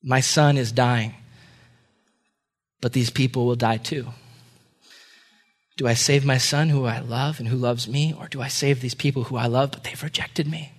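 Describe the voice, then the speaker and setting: A man's voice: mid-range voice, fairly even intonation, normal speed, pauses often, voice pushed down, lightly acted. A man voicing an anguished king who is torn between saving his son and saving his people.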